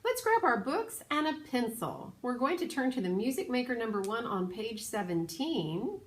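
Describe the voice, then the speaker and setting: A woman teaching a children's piano lesson, patient and clear, now and then singing solfege syllables. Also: on the high side, very animated, normal speed. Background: piano playing.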